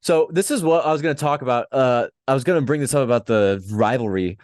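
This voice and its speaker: A man hosting a casual interview, laid-back and quick to laugh. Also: medium pitch, a little mellow, dry recording, studio quality. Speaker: podcast host.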